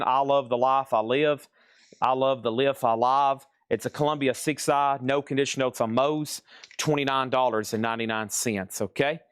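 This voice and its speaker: A man's voice: medium pitch, clear, resonant tone, no echo, clean studio sound. Folksy man running a record auction. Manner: brisk, repeats prices and names, folksy asides. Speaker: live auction seller. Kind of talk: live-stream sales patter. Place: record shop, moving between crates.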